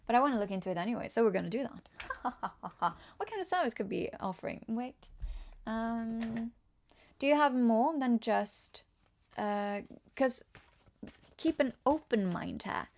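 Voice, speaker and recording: Giggly Norwegian woman, slightly gravelly. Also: a little high, lively intonation, unhurried. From Norway. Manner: chatty and giggly, answering chat comments. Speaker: tarot reader. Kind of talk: casual live-stream reading.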